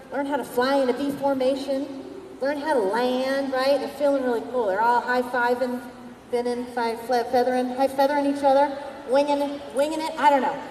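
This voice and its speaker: A woman giving an energetic motivational keynote at a sales convention. She keeps asking the crowd questions, and her voice is worn from shouting. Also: high-pitched, slight background noise. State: losing her voice. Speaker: sales conference speaker. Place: large convention hall. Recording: echoey hall, voice from far off.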